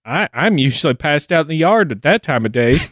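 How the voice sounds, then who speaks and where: Man voicing a folksy drawling candy-show lady, bouncy highish voice, dry sound. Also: very animated, brisk, fairly bright tone, no echo. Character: fair-skinned folksy woman candy-show host. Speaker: co-host. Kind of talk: comedic character banter.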